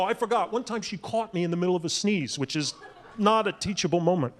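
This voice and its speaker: High-voiced wry stand-up comic. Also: male voice, quick pace, a little hiss or hum. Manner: wry, punchy delivery with shouted impressions. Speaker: stand-up comedian. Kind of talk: stand-up comedy set. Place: comedy club stage.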